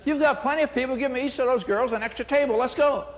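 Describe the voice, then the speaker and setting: A man's voice: very high-pitched, fast talker, pitched above the performer's own voice, poor audio. A man voicing a brash, demanding middle-aged boss who barks short orders at restaurant staff. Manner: pushy, barking short orders.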